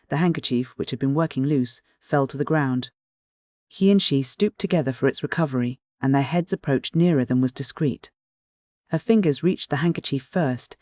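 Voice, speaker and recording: A man narrating an old romance novel in an even, steady reading. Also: a little high, no echo, clean studio sound. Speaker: audiobook narrator. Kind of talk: scripted literary narration.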